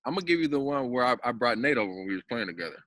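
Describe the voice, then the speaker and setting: A man's voice: mid-range voice, sing-song, rapid-fire, fairly bright tone. Basketball guy on a podcast telling stories, slangy, curses a lot, keeps restarting. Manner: loose, slangy, swears freely, repeats words. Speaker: podcast guest, pro basketball player. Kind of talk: casual storytelling.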